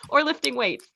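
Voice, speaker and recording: A woman's voice: sits high, gravelly, pushed and bright. A woman in her thirties, a contestant on a comedy game show, talking in a chatty, giggly, self-deprecating way. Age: 30s. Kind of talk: casual self-introduction.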